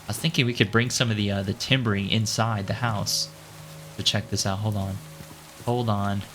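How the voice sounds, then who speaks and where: A man casually commenting on his own gameplay, chatty and playful, thinking out loud and jumping up in pitch when excited. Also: normal speed, faint music behind. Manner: chatty and playful, calls himself "your boy". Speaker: gaming channel host.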